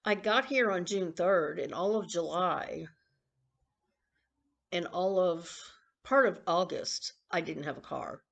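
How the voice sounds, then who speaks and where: A woman in her sixties rambling and confiding in a casual personal vlog, with coughs and throat-clearing. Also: on the low side, slow pace, muffled recording. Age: 60s. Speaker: vlogger.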